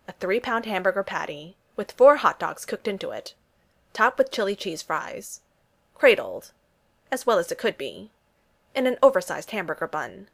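A woman narrating a story aloud in an expressive, wry way. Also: mid-range voice, gravelly. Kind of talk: audiobook story reading.

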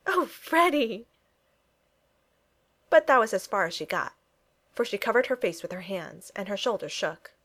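A woman narrating a period romance audiobook in a measured storytelling manner. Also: medium pitch, animated, a bit bright.

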